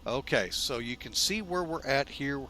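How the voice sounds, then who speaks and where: A man hosting a flight simulator video in a casual, folksy way, relaxed and loose with lots of fillers, often speaking to viewers as folks. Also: medium pitch, moderate pace. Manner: chatty, folksy, keeps calling viewers "folks". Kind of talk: casual narrated simulator walkthrough.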